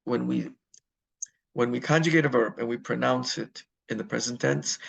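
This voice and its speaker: A man's voice: mid-range voice, creaky, muffled recording. A man teaching a Spanish grammar lesson, explaining step by step and answering his own questions.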